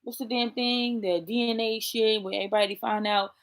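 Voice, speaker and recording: A woman's voice: a little high, steady tone, a little fast. Blunt, cussing woman talking to camera. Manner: blunt, profane, addresses viewers directly. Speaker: vlogger. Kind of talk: casual chat to camera.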